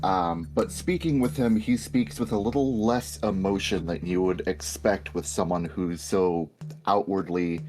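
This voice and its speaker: Female player, chatty and amused, slow delivery. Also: rumbling low, darkish tone, a little hiss or hum. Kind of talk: casual chat.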